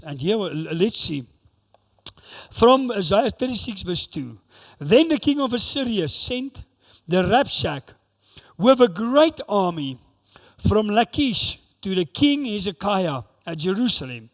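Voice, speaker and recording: Male pastor, high and very animated delivery, preaching in a long-reverb church hall. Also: measured pace. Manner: preaching with bursts of intensity, dramatic voiced quotes. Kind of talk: sermon.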